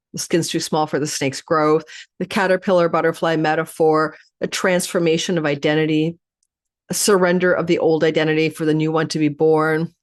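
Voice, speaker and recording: Middle-aged female astrologer, rapid and lively direct-to-camera forecast delivery, low-pitched. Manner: fast, animated, talks to viewers by sign. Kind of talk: weekly horoscope forecast.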